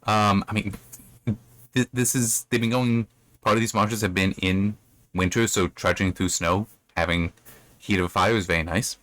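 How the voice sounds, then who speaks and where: A man's voice: fairly low pitch, steady tone, moderate pace, a bit bright. A man hosting a casual spoken review of a book chapter, retelling the plot in a rambling way and throwing in playful mock voices. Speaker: book reviewer, channel host.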